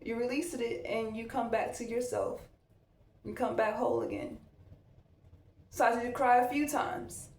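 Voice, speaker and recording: Slightly high and a little mellow, her voice keeps a fairly even intonation at a moderate pace, with frequent pauses. There's slight background noise and an echoey room as the mom vlogger gets ready at home, chatting in a candid, reflective, loose manner.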